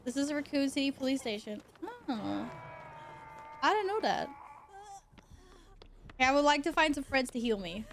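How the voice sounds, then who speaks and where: A woman streamer giving live commentary on a horror game, excitable, swearing and shrieking with laughter when chased. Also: high voice, moderate pace, pauses often, a little hiss or hum.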